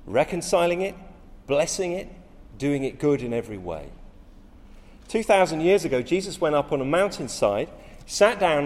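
A man preaching a sermon with dramatic delivery that swells into loud, emphatic passages. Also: on the high side, big-room sound.

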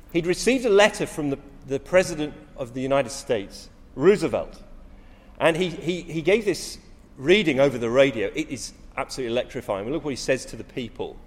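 A man's voice: medium pitch, big-room sound. A middle-aged man preaching a sermon, telling stories with rising emphasis and frequent restarts.

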